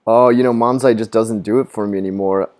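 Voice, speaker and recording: A man on his live stream, chatting casually and rambling with a lot of swearing. He laughs at his own jokes and does high mocking voices of other people. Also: fairly even intonation, a little fast, darkish tone. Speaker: gaming streamer. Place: living in Japan.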